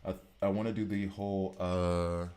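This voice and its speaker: Low-voiced man rambling to his stream chat. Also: level tone, moderate pace, warm tone, smooth. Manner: rambling, self-correcting, chats directly with viewers. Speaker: gaming streamer. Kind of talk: casual live-stream chat.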